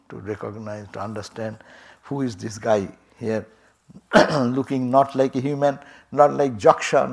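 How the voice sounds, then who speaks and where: Gravelly-voiced swami telling a sacred story. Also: male voice, medium pitch. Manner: chuckling, animated retelling with quoted dialogue. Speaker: swami and minister. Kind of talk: storytelling sermon. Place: temple.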